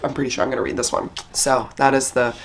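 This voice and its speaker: Chatty husky-voiced woman book vlogger. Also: rumbling low, fairly even intonation, quick pace, a little hiss or hum. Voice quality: husky morning voice. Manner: chatty, upbeat, lots of "like". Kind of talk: casual chat.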